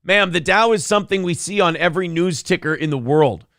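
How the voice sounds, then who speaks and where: A man's voice: sits high, fairly quick, creaky, fairly bright tone, no echo, studio quality. A man co-hosting a morning talk show, giving sarcastic political commentary in a mocking tone. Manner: mocking, sarcastic, laughs often. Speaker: co-host.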